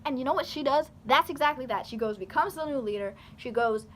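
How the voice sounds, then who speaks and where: Brisk and expressive, a young woman with a high-pitched, slightly bright voice talks animatedly into her camera, with slight background noise behind her. In this casual talking-head commentary, the YouTuber uses her hands and rambles with fillers and restarts.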